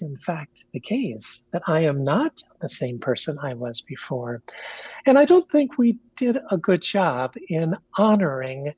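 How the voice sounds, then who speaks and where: A woman from Kentucky talks as a radio interview guest in a measured, candid way, pausing with fillers and restarts. Her voice is husky. The line sounds dry and muffled. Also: low-pitched, warm tone, no room sound. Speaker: guest, pastor and author.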